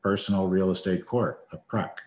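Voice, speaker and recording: A low-pitched man explains taxes plainly on a webinar, checking in often to make sure he is understood. His voice sounds echoey, as if he is talking in a bare room. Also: fairly even intonation, moderate pace, darkish tone. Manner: plain-spoken, checks understanding with repeated "okay". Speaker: accountant co-host. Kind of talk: explaining tax in a live webinar.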